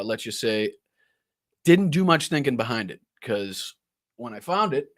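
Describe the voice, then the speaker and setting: A man's voice: a little high, no room sound, studio quality. A man hosting a casual political live stream, rambling and joking with crude asides while he chats with viewers. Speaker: political livestream host.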